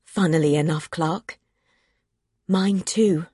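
A woman voicing a gentle, calm young man near death, murmuring softly in an audiobook. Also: on the low side, takes it slowly, breathy edge, dry recording, studio quality, voice pushed down. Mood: wry tender. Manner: soft murmuring, near whisper. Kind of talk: audiobook character voice.

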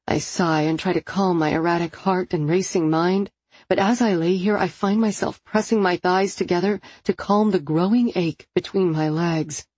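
A woman narrating a first-person romance novel in an intimate, expressive storytelling manner. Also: lowish voice, husky, dry recording. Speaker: audiobook narrator.

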